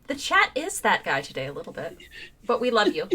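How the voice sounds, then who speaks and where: A woman's voice: mid-range voice, wildly swooping pitch, a little fast, bright, forceful tone, slightly rough. A woman co-hosting a live stream chat, teasing her co-host and thanking viewers.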